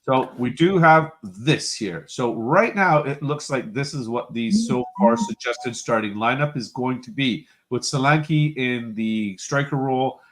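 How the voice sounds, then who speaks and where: A man's voice: medium pitch, measured pace, hardly any pauses, slight background noise. Chatty man hosting a live stream. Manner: reads out viewer comments and banters. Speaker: host. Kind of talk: casual live-stream chat.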